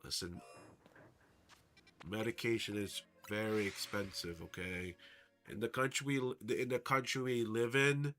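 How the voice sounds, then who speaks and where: A young livestreamer with a lowish, slightly bright voice speaks in a steady tone at a measured pace, with faint background music. He chats casually, rambling and answering viewers' chat messages.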